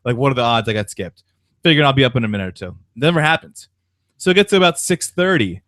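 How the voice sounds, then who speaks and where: A young man talks fast, with his pitch jumping all over as he tells a story on a sports chat show. He acts out the people in the story in bursts. The voice is dry and close to the mic. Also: no echo. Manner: animated anecdote-telling, acts out quoted voices. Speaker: podcast co-host.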